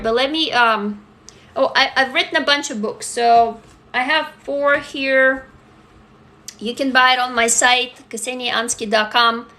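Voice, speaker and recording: Author, female, candid live-stream chat; crisp, bright tone, swears freely. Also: a little high. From Russia. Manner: candid and blunt, swears freely, laughs through heavy topics. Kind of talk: casual live-stream chat answering comments.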